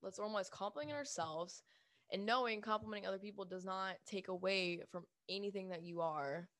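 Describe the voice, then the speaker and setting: A young woman vents in a casual vlog rant, blunt and emphatic, with frequent swearing and a steady stream of "like". Her voice sits at a middling pitch for a woman. The sound is close and dry, with no room echo. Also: fairly quick. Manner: speaks with lots of "like" fillers. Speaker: vlogger.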